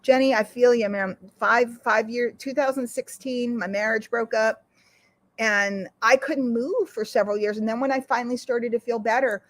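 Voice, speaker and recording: A woman's voice: fairly high pitch, steady tone, moderate pace. Earnest, rallying middle-aged woman. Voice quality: recovering lungs after illness. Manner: emotional, earnest, rallying the listeners. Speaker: community host. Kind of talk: motivational talk to an online audience.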